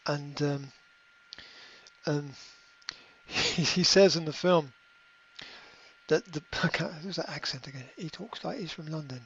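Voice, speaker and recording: A middle-aged man hosting a podcast, giving a motivational monologue in a halting way, repeating words and filling pauses with ums. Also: a little high, fairly bright tone, breathy edge. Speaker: podcast host. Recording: slightly dull lo-fi audio.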